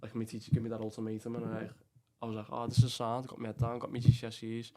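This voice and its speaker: Heavy background noise surrounds this young man from England, whose Scouse Liverpool accent comes through in a fairly low, monotone voice at a racing pace. He's a podcast guest chatting loosely, rambling with plenty of fillers, swear words and frequent "lad"s.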